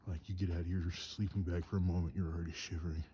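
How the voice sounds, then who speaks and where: The background is noisy as a man shivers out in the cold mountain night, telling casual stories that ramble along between chuckles. A storyteller and craftsman, he speaks quickly in a low voice with a flat delivery.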